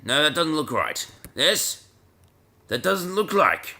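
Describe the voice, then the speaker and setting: A man with a fairly high, very bright voice gives casual let's-play commentary. His pitch swings all over as he rambles, and he keeps stammering and repeating himself with a self-mocking air. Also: very animated, slow pace. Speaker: gaming video host.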